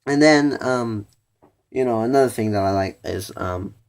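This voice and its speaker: A man's voice: lowish voice, moderate pace. Rambling teenage boy reviewing. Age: teens. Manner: rambling, full of "you know" and "like", often restarting sentences. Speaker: vlogger reviewing a cartoon episode. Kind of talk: casual video review.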